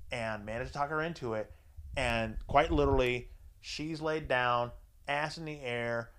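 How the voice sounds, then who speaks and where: A man's voice: fairly quick, rough recording. A man in his forties telling a crude personal story in casual chat, swearing freely. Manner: crude, swears freely, mimics others in higher voices. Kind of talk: casual profane anecdote.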